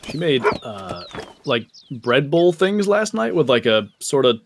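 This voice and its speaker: A man's voice: on the high side, very animated, a little slow, a little hiss or hum. A young man chatting casually while livestreaming a game, rambling along with plenty of filler words. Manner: rambling, laid-back, lots of "like" fillers. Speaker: gaming streamer.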